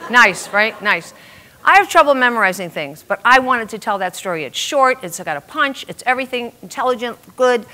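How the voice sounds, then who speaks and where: An older woman telling a funny personal story to a live audience, lively and self-mocking, acting out the voices of the people in it. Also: medium pitch. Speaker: storyteller on stage.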